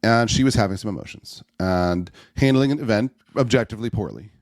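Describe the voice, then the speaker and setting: A man, a podcast guest, telling personal stories in an animated way and acting out the voices in them. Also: fairly low pitch, a little fast, dry recording, clean studio sound. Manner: animated storyteller, acts out voices in anecdotes. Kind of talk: storytelling in a podcast conversation.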